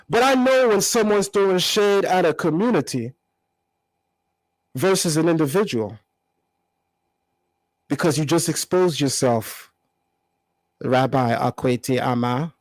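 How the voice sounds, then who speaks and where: A man hosting his own channel, talking back at a critic in an animated, combative commentary with emphatic repetition. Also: fairly high pitch, a little slow, pauses often, dry recording, low-quality recording. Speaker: channel host. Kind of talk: confrontational commentary vlog.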